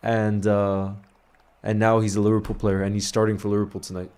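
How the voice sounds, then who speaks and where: A man's voice: fairly low pitch, completely flat delivery, fairly quick, clear, resonant tone. Laid-back man hosting a match stream. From grew up largely in New York. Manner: laid-back and chummy, calling viewers "bro" and giving shout-outs. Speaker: livestream host of a match watch-along. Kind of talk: casual live watch-along chat, reading out viewer messages.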